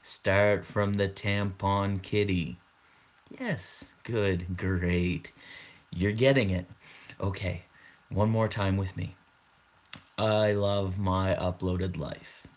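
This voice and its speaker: A young man in his twenties playing a mock stage hypnotist who gives slow, hushed, drawn-out commands. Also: deep voice, flat delivery. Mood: hypnotic. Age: 20s.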